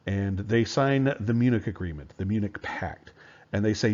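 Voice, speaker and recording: A man teaching history in a relaxed, conversational lecture, with fillers and rhetorical questions. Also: mid-range voice, moderate pace. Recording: dull lo-fi recording.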